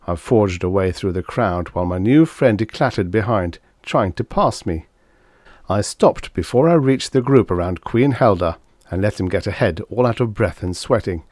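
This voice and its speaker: A man's voice: sits low, moderate pace, a little mellow, no room sound, clean studio sound. A man reading a novel aloud in a wry, sardonic first-person style. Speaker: audiobook narrator. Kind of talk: scripted audiobook narration.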